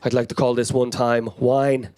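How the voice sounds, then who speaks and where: A man's voice: medium pitch, level tone, normal speed, dark tone, slight background noise. An Irish man in his thirties performing a frenetic, anecdotal stand-up comedy set to a live crowd. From Ireland. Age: 30s. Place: comedy club stage before a live audience.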